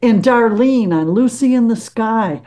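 Guest, older woman, warm mellow tone, chatty anecdotal storyteller. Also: fairly high pitch, measured pace. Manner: animated storyteller, casual, quotes people. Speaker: musician guest. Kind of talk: interview storytelling.

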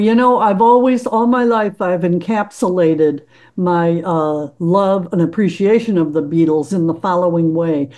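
An older woman, a musician, telling stories in an interview in a casual, animated way. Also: medium pitch. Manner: animated storyteller, casual, quotes people. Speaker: musician guest. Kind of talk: interview storytelling.

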